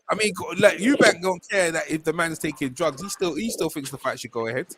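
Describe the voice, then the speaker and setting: A man hosting a boxing live stream in casual chat, excitable and repeating himself often. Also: fairly high pitch, brisk, few pauses, a crowd in the background. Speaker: boxing livestream host.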